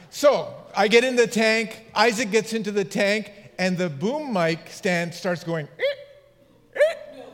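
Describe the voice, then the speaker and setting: A middle-aged man, a pastor, preaching a sermon through funny anecdotes and laughing at his own stories. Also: high voice. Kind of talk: humorous sermon storytelling. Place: church sanctuary. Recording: long hall reverb.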